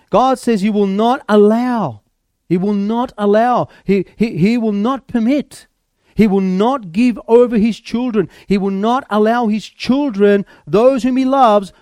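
Male preacher, high voice, dry close sound, emphatic repeated phrases. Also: a little mellow, no echo. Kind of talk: sermon.

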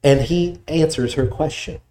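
Mellow-voiced man preaching. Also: fairly high pitch, a little slow, a little hiss or hum. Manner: explanatory, conversational preaching with restarts. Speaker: pastor. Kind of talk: sermon.

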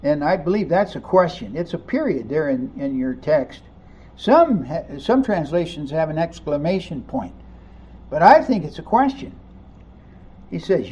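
A man preaching a sermon, animated, acting out the voices of people in the story as he teaches. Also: fairly high pitch, unhurried, slightly rough, dull audio. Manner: animated, acts out voices of the crowd and disciples. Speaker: pastor.

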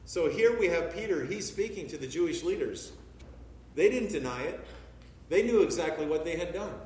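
A man's voice: on the high side, expressive, darkish tone, a little hiss or hum. Man preaching in an echoey hall. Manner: preaching with emphatic, measured scripture reading. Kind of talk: sermon. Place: church sanctuary. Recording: echoey church hall from far off.

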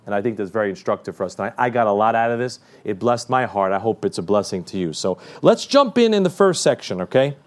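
A man's voice: fairly low pitch, lively intonation, fast talker, hardly any pauses. A male preacher giving a midweek sermon, quoting scripture with emphasis and dropping joking asides.

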